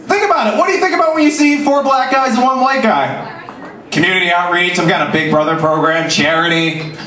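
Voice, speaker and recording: A man in his twenties doing a stand-up comedy set, self-mocking and punchy, dropping into low asides. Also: a little fast, bright, forceful tone, recorded from a distance. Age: 20s. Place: comedy club stage. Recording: echoey club recorded from afar.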